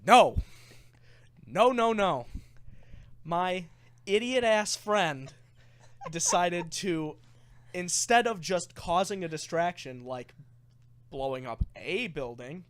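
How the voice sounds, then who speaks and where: A man's voice: sits high, slow, pauses often. A young man casually telling a rambling tabletop game story on a podcast, getting worked up and swearing as it goes. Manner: rambling, animated, swears when excited.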